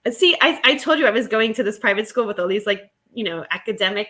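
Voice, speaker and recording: A woman hosting a casual live stream while she works. She talks in a chatty, excitable way, laughs often, and greets viewers by name. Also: medium pitch, fast talker. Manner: laughs often, rambling restarts.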